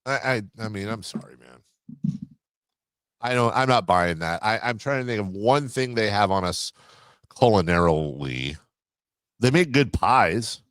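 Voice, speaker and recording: A man co-hosting a sports radio show, bantering in an animated, emphatic way. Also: fairly low pitch, clean tone, dry recording. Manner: animated, quick to jump in, emphatic. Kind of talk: casual studio banter.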